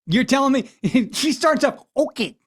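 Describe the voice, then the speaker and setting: A man hosting a political commentary show, talking in a brash, mocking, loose way. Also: extremely high pitch. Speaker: host.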